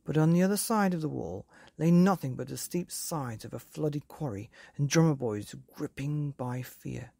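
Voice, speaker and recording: Calm, husky woman reading a bedtime story. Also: low voice, moderate pace, few pauses, no room sound, clean studio sound.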